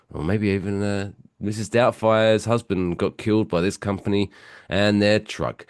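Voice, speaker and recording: A man co-hosting a podcast in casual, joking banter, his voice going hoarse. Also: on the low side, steady tone, moderate pace, no echo, studio quality. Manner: rambling, joking, chatty. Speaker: podcast co-host.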